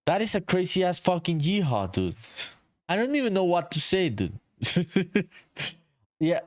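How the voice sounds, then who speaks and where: A man's voice: high voice, big pitch swings, a little slow, dry recording. Laid-back swearing male game-dev streamer. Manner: laid-back, swears often, calls everyone dude, reads chat aloud. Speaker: solo indie game developer streaming. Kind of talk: casual live-stream chat while working.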